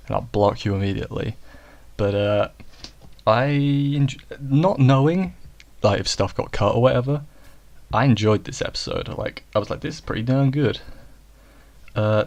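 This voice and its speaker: Guy rambling through an anime recap, lowish voice, keeps correcting himself. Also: darkish tone. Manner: rambling, self-correcting, jokey asides. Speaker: anime reviewer. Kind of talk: casual episode review.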